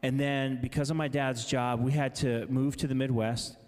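A man's voice: mid-range voice, steady tone, moderate pace, darkish tone, in a large hall. A man preaching at a conference, casual and chatty, with self-deprecating asides. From Massachusetts, raised in Indianapolis. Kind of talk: conference sermon with storytelling.

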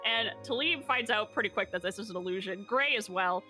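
A woman recapping a tabletop game session in casual narration, animated and laughing, often swearing and acting out quotes. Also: mid-range voice, fairly quick, soft background music.

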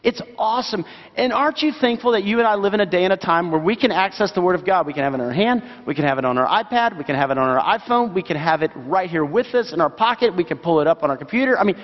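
The same earnest pastor preaches in the church sanctuary, again questioning his listeners directly. This time his high voice is animated and fast, with the recording still dull and drenched in long hall reverb.

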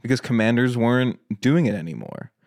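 A man debating the war on a casual podcast, speaking in halting bursts full of "like" and "right?". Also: medium pitch, lively intonation, a little mellow. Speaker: podcast guest.

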